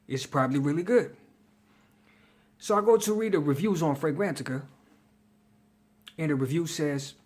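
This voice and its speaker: Slangy, chatty man reviewing fragrances. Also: fairly high pitch. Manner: slangy, chatty, hypes his picks. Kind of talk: casual vlog review.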